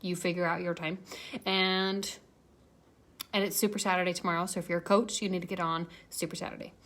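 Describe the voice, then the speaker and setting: A woman's voice: fairly low pitch, little pitch movement, a little fast, a bit bright. A woman coaching a fitness challenge group, giving a chatty, encouraging motivational talk to camera and repeating phrases for emphasis. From Arizona.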